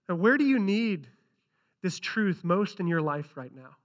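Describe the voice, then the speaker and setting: A man's voice: high-pitched, very animated, a little slow. A man preaching a sermon who reads scripture aloud and earnestly repeats key lines for emphasis. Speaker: pastor.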